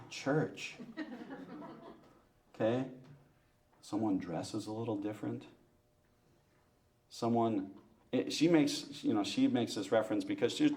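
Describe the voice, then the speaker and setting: A man speaks to a church group with a lively, joking manner, often teasing himself and turning questions to the listeners. His voice sits at a middle pitch. The room around him rings with a roomy echo. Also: far from the mic. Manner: lively, joking, self-mocking, asks the audience. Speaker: parish speaker. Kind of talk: talk to a women's church group.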